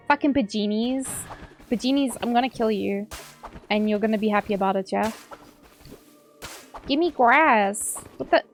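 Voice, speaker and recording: A young woman talks through her game live, swearing, squealing and gasping as she reads chat. Her voice sits high, and faint music plays underneath. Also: moderate pace, long pauses. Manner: excitable, swearing, squeals and gasps, chatting with viewers. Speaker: streamer. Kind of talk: casual live gaming commentary.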